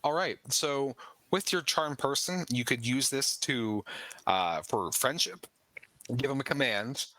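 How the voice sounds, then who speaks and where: Guy running a tabletop game, slow and dramatic, bright tone, dry close sound. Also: medium pitch, no room sound, low-quality recording. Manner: descriptive, dramatic narration. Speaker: game master.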